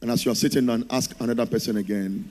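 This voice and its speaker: A man's voice: mid-range voice, fairly even intonation, quick pace, a little mellow. A man preaching a sermon in church, calling on the congregation to answer him and repeat after him. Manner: preaching, urging the congregation to respond. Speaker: pastor. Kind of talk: sermon with call-and-response. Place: church service.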